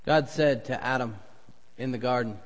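A man's voice: mid-range voice, moderate pace. Man preaching in a reverberant hall. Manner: preaching, swelling to loud emphatic peaks. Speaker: pastor. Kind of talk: sermon. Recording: long reverb of a church hall.

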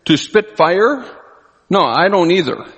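A man preaching a sermon, animated, often acting out the people he quotes. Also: high-pitched, measured pace, husky, dull audio. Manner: animated, acts out quoted voices. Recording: long hall reverb.

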